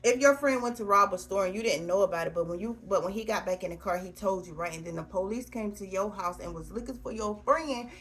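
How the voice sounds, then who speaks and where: A woman's voice: mid-range voice, fast talker, hardly any pauses, fairly bright tone. A woman in her thirties answering question prompts alone on camera, blunt and crude, joking as she goes. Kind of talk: casual solo question-and-answer.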